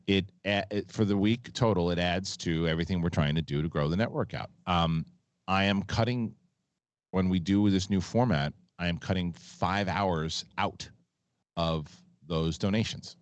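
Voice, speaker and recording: Male host, very low voice, rambling and blunt, reading viewer messages; dry close mic. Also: moderate pace, no echo, muffled recording. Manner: rambling, frank, swears casually. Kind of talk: live show chat, reading donation messages.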